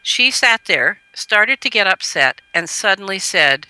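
Bright-voiced woman telling a gentle story. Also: lively intonation, a little slow, hardly any pauses, no echo, low-quality recording. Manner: earnest, gentle storyteller who lifts her pitch when quoting. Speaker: guest, parenting educator. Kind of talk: radio interview storytelling.

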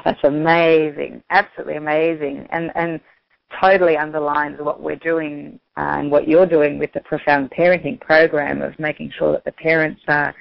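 A woman's voice: deep voice, vocal fry, no echo, highs cut off. A woman from Australia with an Australian accent, an enthusiastic and reassuring guest on a radio call-in show. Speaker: guest, intuitive guide.

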